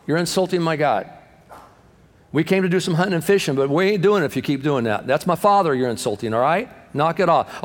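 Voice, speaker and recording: Male pastor, higher voice, lively sermon delivery, acts out quoted people, long hall echo. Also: brisk. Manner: animated preacher acting out quoted voices, swinging loud and soft.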